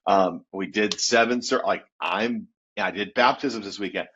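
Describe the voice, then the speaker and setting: A husky, fairly low male voice belonging to a youth pastor in his fifties. He tells his story in an animated, casual way and laughs along as he goes. The recording sounds dull and lo-fi. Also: measured pace.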